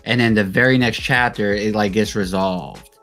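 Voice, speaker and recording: Man, lowish voice, halting, full of fillers, casual podcast chat, faint music. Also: fairly bright tone. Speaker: podcast co-host.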